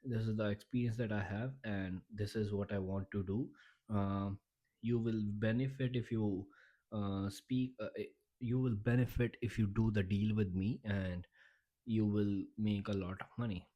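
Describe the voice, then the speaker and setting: A man imitating an unconfident man pitching a business deal in a hesitant, halting way. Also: steady tone, dark tone.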